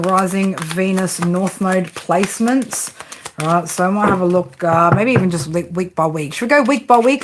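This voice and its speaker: A woman's voice: mid-range voice, fairly bright tone, a little hiss or hum. A woman giving a casual live tarot reading, chatting and joking with viewers and swearing freely. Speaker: tarot reader.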